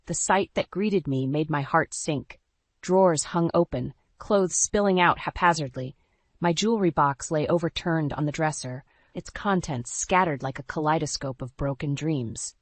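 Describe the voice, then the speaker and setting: A woman narrating a scripted first-person story in a dramatic, even storytelling voice. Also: low voice, normal speed, no room sound.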